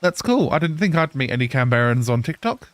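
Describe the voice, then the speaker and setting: English guy turned aussie, streaming games and chatting, clear voice, no room echo. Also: medium pitch, big pitch swings, a little fast. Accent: English mixed with Australian. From England. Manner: chatty, answers viewers, laughs often. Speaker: live streamer. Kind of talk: casual live-stream chat while gaming.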